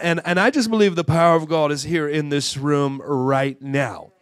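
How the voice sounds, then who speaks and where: A man's voice: fairly high pitch, steady tone, fairly quick, hardly any pauses, dry recording. A man preaching a sermon at a church conference, repeating and restarting words as he builds to fervent, rising calls. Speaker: guest preacher.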